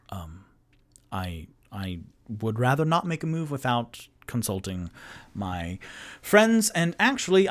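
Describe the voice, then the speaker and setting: A man's voice: medium pitch, voice pushed up. A man doing a shy, stammering adventurer. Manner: hesitant, stammering, soft-spoken.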